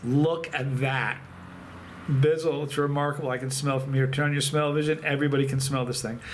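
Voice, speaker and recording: A man hosting a chili pepper channel, talking casually to camera in a rambling, halting, emotional way with many restarts. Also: medium pitch, steady tone, slight background noise. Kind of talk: casual vlog talk to camera.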